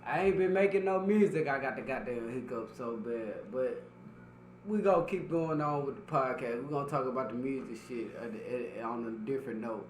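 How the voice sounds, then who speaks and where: A medium-pitched man co-hosts a casual podcast at a moderate pace while suffering from the hiccups. He talks loosely and profanely and repeats himself, in an echoey room with a little hiss or hum.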